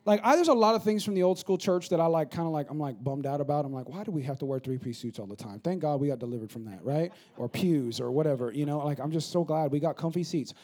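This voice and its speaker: A male pastor in his thirties preaches a sermon in a church. His voice sits a little high but sounds mellow and warm. He talks casually, then stacks repeated phrases into quick, building runs. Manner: conversational preaching, builds to rapid repetitive crescendos.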